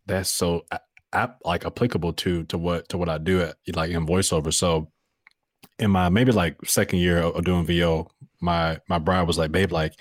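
A man in his thirties speaks with a very low, deep voice. He talks earnestly and reflectively as a podcast guest, with plenty of fillers and restarts. The sound is dry and close. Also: no room sound. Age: 30s. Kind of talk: casual podcast conversation.

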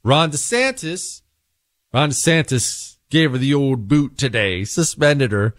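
A male talk radio host speaks bluntly and emphatically, with a sarcastic edge. His voice sits at an ordinary middle pitch. The close studio mic sounds dry, with no room around it. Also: expressive, unhurried, fairly bright tone, no echo. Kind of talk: opinionated talk radio monologue.

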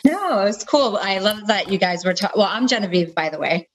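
A woman's voice: medium pitch, animated, a little fast. A woman from Massachusetts, a guest on a remote call, chatting casually and laughing often. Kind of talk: casual chat.

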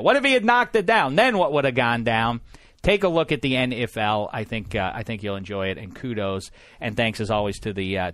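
A man hosting a casual sports podcast, lively and jokey, talking with lots of fillers and restarts. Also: medium pitch, dry recording. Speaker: podcast host.

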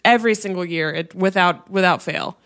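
A woman's voice: on the low side, normal speed, fairly bright tone, slight background noise. A woman co-hosting a podcast in casual chat, wry and self-mocking, with emphatic asides. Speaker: podcast co-host.

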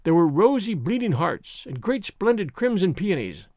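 A man with a fairly high, animated voice reads a classic novel aloud, dwelling expressively on the descriptions. The recording is close and dry, with no room sound. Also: normal speed, dry recording. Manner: expressive, storytelling. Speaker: audiobook narrator. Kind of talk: scripted narration.

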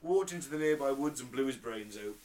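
A man's voice: medium pitch, expressive, a little fast, a little mellow. A British man co-hosting a casual podcast, telling stories bluntly and swearing freely, recorded in a living room. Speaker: podcast co-host. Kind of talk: casual chat.

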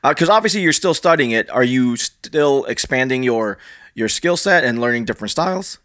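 A man's voice: mid-range voice, lively intonation, moderate pace, a bit bright. A man hosting an interview, asking questions and reacting with enthusiastic affirmations. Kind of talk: casual interview conversation.

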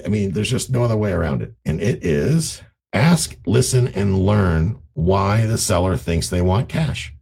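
A man teaching real estate investing in a casual, animated way, acting out conversations in raised voices. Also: low-pitched, unhurried, creaky, breathy edge. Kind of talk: casual teaching talk to camera.

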